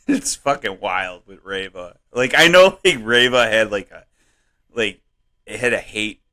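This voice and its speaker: A man co-hosting a comedy podcast, rambling and swearing in casual chat, laughing often and jumping up in pitch when worked up. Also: unhurried. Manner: animated, voice jumps up when worked up. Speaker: podcast co-host.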